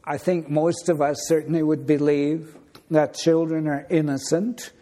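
A man preaching a sermon in a deliberate, unhurried storytelling manner. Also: a little high, steady tone, warm tone.

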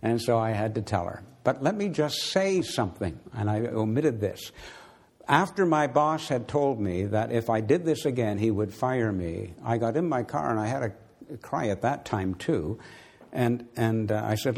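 A man's voice: medium pitch, lively intonation, moderate pace, vocal fry, darkish tone, breathy edge. A man delivers a sermon in an earnest, storytelling manner. He speaks conversationally while recounting his own experience. His voice lifts and presses forward when he turns to urge his listeners. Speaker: preacher. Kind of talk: sermon with personal testimony.

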